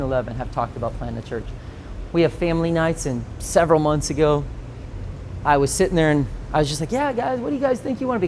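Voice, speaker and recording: A man in his forties, a pastor teaching a conference session, telling stories with lively acted-out quotes and frequent laughter. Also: on the high side, a little hiss or hum. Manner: animated storytelling, acts out quoted voices, laughs often.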